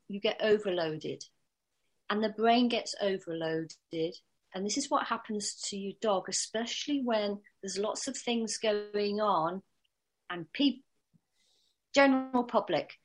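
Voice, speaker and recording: A woman giving calm, explanatory instruction about dog behaviour. Her voice sits at a middle pitch, and she talks with the occasional small restart. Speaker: dog trainer. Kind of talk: spoken instruction.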